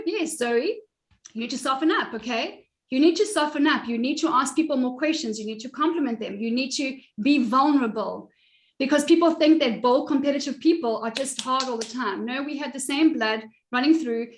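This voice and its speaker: A middle-aged woman coaching a live online group on style and confidence, talking boldly and directly, teasing her listeners and laughing often. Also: high-pitched. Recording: echoey room.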